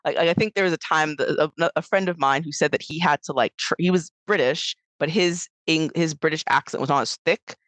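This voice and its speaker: An American woman chatting casually on a podcast, rambling and animated as she tells stories, with lots of fillers. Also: low-pitched, fairly quick, hardly any pauses, no room sound. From United States. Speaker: podcast co-host. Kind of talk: casual chat.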